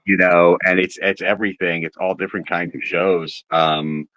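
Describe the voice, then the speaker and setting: A man's voice: low voice, fairly even intonation, normal speed, sharp tone. A man talking casually about writing for animation, with many ums and restarts. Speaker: animation writer. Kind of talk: casual interview chat.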